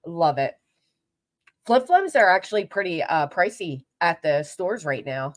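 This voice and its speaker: A woman's voice: on the low side, very animated, unhurried. A woman hosting a casual reaction commentary, sarcastic, laughing now and then and trailing off into restarts. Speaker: commentary channel host.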